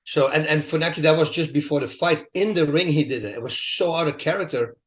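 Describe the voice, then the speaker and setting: A man in an interview, telling stories in a lively, emphatic, casual way. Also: a little high, fairly quick. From Netherlands. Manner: animated, emphatic storytelling with asides. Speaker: interview guest, retired fighter. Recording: echoey room.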